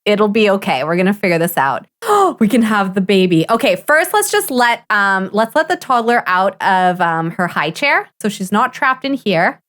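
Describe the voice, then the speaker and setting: An excitable woman streaming a life-sim game live, chatting casually as she plays. She gushes over every little moment, gasping and laughing between lines, with a voice that sits at an ordinary middle pitch for a woman. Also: normal speed, hardly any pauses. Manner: excitable and gushing, gasps and laughs often. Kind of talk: casual live gameplay commentary.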